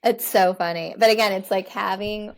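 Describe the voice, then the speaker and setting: Lively woman guest on a podcast. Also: mid-range voice, normal speed. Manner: animated, laughs easily. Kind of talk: casual conversation.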